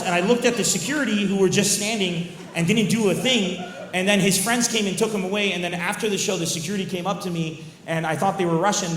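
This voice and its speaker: A male stand-up comedian answering audience questions after a show, telling crude stories in an animated, shouty way on a stage mic. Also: high-pitched. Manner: animated, shouty storytelling with bursts of crude jokes. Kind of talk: post-show Q&A banter. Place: live venue stage with audience. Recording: roomy venue with faint crowd noise.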